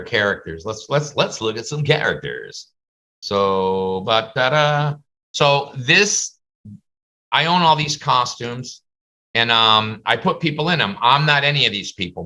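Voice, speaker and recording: A man's voice: mid-range voice, lively intonation, measured pace, pushed and bright. A man teaching a class over a video call, chatty and full of stories. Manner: chatty, storytelling, slips into comic voices. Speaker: face painting instructor.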